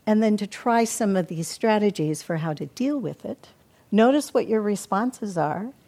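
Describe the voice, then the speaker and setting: An older woman teaching meditation in a calm, reflective dharma talk, often acting out her own inner self-talk. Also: mid-range voice, moderate pace. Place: meditation hall.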